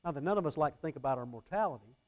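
A man's voice: fairly high pitch, lively intonation, very fast. A man preaching a sermon earnestly, often repeating his phrases and shifting his emphasis. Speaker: pastor.

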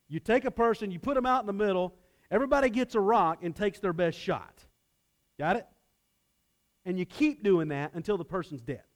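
A man preaching a sermon in a conversational way, asking his listeners questions and acting out the lines he quotes. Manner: conversational, asks the audience questions; acts out quoted lines with big swings in pitch and loudness. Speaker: pastor.

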